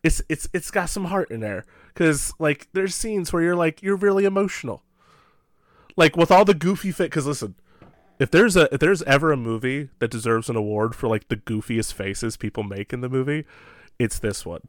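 A man co-hosting a podcast in casual movie-review chat, animated and laughing often, with many "like" fillers. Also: on the high side, moderate pace, dry recording. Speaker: podcast co-host.

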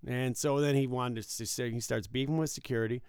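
A man with a gravelly yet smooth voice tells stories in a casual chat. He jumps into other people's lines and acts them out loudly. The sound is dry and close. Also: medium pitch, fairly quick, no echo. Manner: animated storyteller, acts out quotes loudly. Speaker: casino dealer.

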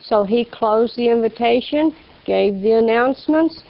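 A woman shares a personal faith testimony in a folksy storytelling style, acting out the people in her story. Her voice is a little high with vocal fry, and she speaks at a measured pace on a slightly dull, lo-fi recording.

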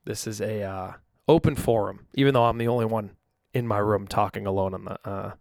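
A young man hosts his podcast alone, speaking straight into a microphone in a loose, rambling, self-deprecating way. His voice is gravelly with a touch of fry. The sound is dry and close, with no room echo. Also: fairly low pitch, steady tone, fairly quick, a little mellow. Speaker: podcast host. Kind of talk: casual solo podcast chat. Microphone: studio microphone.

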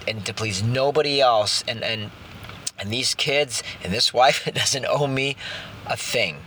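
Bright-voiced man on a devotional podcast. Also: mid-range voice, a little hiss or hum. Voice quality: halting, with many restarts and slowed emphasis. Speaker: podcast host. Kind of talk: casual devotional podcast talk.

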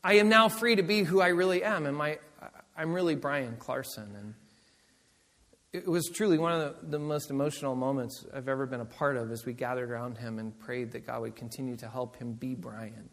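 A man, a pastor, tells stories in a sermon with animated delivery and frequent laughter. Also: medium pitch, a little fast. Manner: animated storyteller, laughs often. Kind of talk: sermon storytelling. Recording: long reverb of a large hall.

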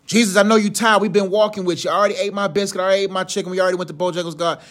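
A man's voice: high voice, steady tone, very fast, a bit bright. A man voicing slangy pleading disciples. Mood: coaxing. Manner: slangy, coaxing. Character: weary hungry male disciples pleading.

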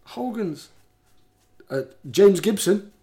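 A man's voice: high voice, lively intonation, slow, warm tone. A man hosting a casual podcast, recapping wrestling shows and laughing often as he talks. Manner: laughs often, reads out rankings. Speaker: podcast host.

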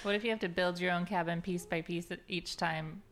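A woman's voice: fairly low pitch, fairly even intonation, a little fast, slight background noise. A woman co-hosting a casual podcast, reading out film releases. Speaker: podcast co-host.

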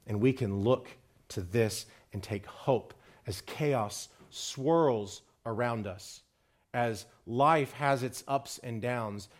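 A man delivering a sermon in an ordinary middle-pitched voice. He builds in pitch and volume when he drives a point home, then sinks low and soft for the grave lines. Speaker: preacher.

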